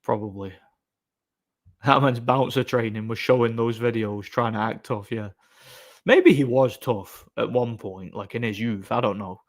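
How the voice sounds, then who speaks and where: Man, live-stream chat, sarcastic, rambling, mid-pitched voice, lots of ums and restarts. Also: unhurried. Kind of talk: casual live-stream chat reading comments.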